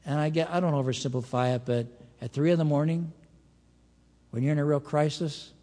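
A man with a fairly high voice preaches an expository Bible sermon in a conversational teaching manner. His words ring out with a long reverb, as in a large hall or church. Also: steady tone, fairly quick, dark tone. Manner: conversational teaching with emphatic rises. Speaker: pastor.

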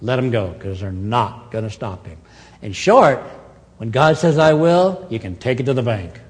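A man preaching a sermon as pastor, with dramatic swings between loud and soft and quick and slow. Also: on the low side, in a large hall. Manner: animated preaching with dramatic swings in loudness and pace.

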